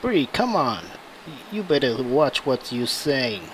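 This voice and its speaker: A man voicing a quiet, loyal male agent who speaks softly to an old friend. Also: mid-range voice, very animated, takes it slowly, a little hiss or hum, pitched below the performer's own voice, poor audio. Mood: friendly.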